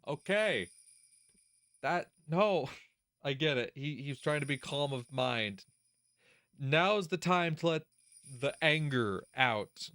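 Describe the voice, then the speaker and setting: A man hosting a let's play, giving casual gaming commentary in an animated, profane way, laughing often and talking straight to the character. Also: a little high, slow pace, long pauses, dry recording, studio quality.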